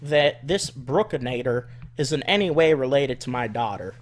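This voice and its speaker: A man voicing a flustered redneck woman caller with an Arkansas accent, talking slowly and accusingly and repeating herself. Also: medium pitch, lively intonation, close to an everyday voice. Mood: insistent.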